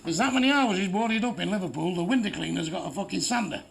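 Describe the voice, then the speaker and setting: A man's voice: sits high, expressive, fast talker, creaky, very noisy. A man telling crude jokes as a stand-up comedian, swearing heavily and landing blunt punchlines.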